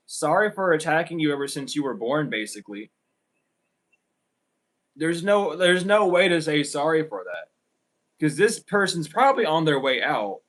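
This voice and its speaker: A man's voice: on the high side, a bit bright, low-quality recording. A man giving a casual spiritual tarot reading, blunt and emphatic, swearing often and repeating himself. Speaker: tarot reader.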